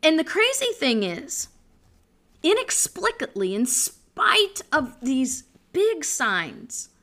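An impassioned woman gives a podcast commentary monologue in a high, bright voice. She speaks slowly and preachily and often restarts her sentences. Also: huge pitch swings. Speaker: podcast host.

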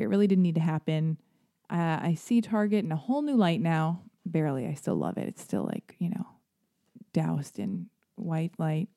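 A woman hosting her own podcast, rambling through a story in a self-deprecating way and jumping into high, animated voices when she quotes people. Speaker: podcast host. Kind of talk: casual solo podcast monologue.

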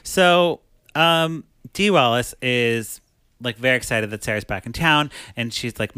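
Bright-voiced man hosting a podcast. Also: medium pitch, measured pace, smooth, dry recording. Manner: laughing, animated storytelling. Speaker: podcast host. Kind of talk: casual chat recapping a film.

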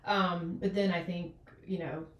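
Amid a loud crowd, a woman doctor in her forties talks casually as an interview guest in a lowish, steady voice at a slightly slow pace, rambling with many fillers and restarts. She's off-mic in an echoey room, and the highs are cut off.

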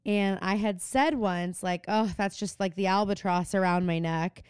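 A woman's voice: mid-range voice, fairly even intonation, moderate pace, clear, resonant tone, dry recording, clean studio sound. A woman co-hosting a podcast, chatting casually about a TV episode and acting out the characters' lines. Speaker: podcast co-host. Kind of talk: casual chat recapping a TV show.

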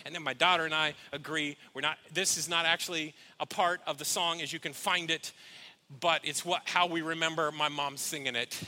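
A man's voice: fairly high pitch, steady tone, a little fast, sharp tone. A middle-aged man, a pastor, giving a sermon in a heartfelt, storytelling way with asides to the congregation.

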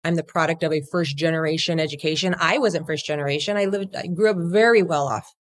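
A woman's voice: sits low, fast. A woman who co-founded a law firm, talking energetically and bluntly as an interview guest, now and then swearing and mimicking other people's voices. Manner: swings into acted quotes of others. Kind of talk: casual interview talk.

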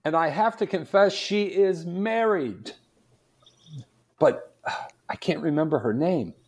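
A man's voice: fairly high pitch, animated, takes it slowly, a little mellow, pitched above the performer's own voice. A man voicing a hapless male priest who is a poor preacher, earnest and a bit flustered.

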